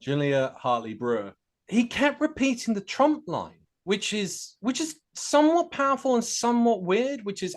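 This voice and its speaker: A man chatting about politics in a jokey, lively way. His pitch leaps around constantly as he talks. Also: moderate pace. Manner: lively, jokey, laughs often. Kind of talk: casual political chat.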